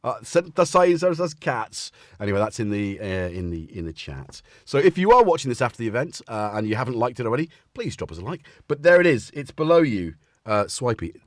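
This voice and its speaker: Very animated and fast, a man with a lowish voice hosts a casual livestream from a room at home. His desk mic, paired with headphones, gives a dry, studio-quality sound as he rambles and trips over his words.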